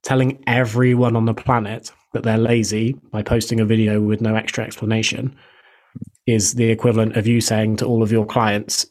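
A man who coaches fitness clients, answering listener questions on a podcast in a measured, explanatory way. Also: on the low side. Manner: measured, explanatory, even delivery.

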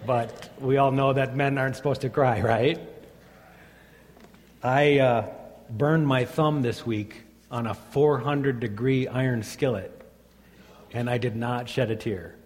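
A man's voice: medium pitch, fairly even intonation, measured pace, a little mellow, a little hiss or hum. A man in his fifties, a pastor, reading scripture and then preaching in a plain, conversational way. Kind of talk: sermon. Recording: long reverb of a church hall.

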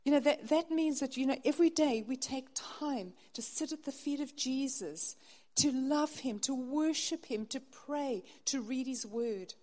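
A woman preaching a sermon in an earnest way, her voice dropping soft on tender phrases. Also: high voice, measured pace. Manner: earnest, softening to near-hush on intimate phrases.

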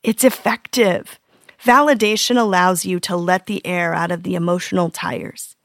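A woman in her fifties hosting a parenting podcast, reading scripted tips in an earnest, gently humorous way. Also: fairly low pitch, fairly even intonation, normal speed, no echo, studio quality.

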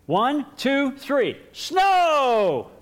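A man voicing a whiny, impatient little boy from a comic strip who shouts and pleads. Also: high voice, wildly swooping pitch, a little slow, voice pushed up, heavily acted. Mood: demanding.

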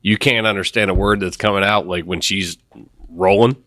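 A man's voice: sits low, steady tone, normal speed, bright, forceful tone, dry recording, studio quality. A man co-hosting a casual chat, teasing and chuckling along with his friends.

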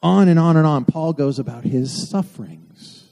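Dark-voiced preacher in an echoing hall. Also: male voice, on the high side, moderate pace, vocal fry. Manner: earnest preaching with self-deprecating asides. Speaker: pastor. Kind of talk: sermon. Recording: long hall reverb.

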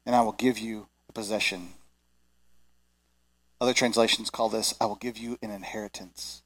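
A man, probably in his thirties, preaching a sermon in a conversational, animated way, acting out little voices. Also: on the low side, fairly quick. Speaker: pastor.

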